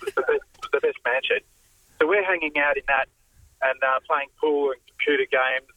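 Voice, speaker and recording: Bright-voiced man caller, dry sound. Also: on the high side, dry recording, muffled recording. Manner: halting, many fillers. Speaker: radio caller. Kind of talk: casual storytelling on the phone.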